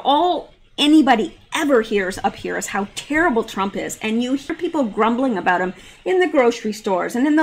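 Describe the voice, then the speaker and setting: A woman giving casual, opinionated commentary while reading news posts aloud, chatty, with asides and laughs. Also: a little high. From Canada. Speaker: political commentary vlogger.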